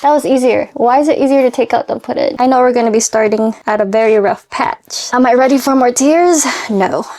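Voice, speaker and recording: A young woman chatting casually in a reading vlog, emotional and animated, swinging from excited squeals to tearful murmurs. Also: on the high side, fairly quick, hardly any pauses, no echo. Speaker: book vlogger.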